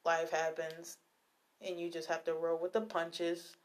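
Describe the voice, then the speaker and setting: A young adult woman hosting a podcast in a casual, slangy style, talking straight to her listeners, then reading a poem slowly and softly. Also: lowish voice, level tone. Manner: chatty and slangy, addresses listeners directly. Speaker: podcast host.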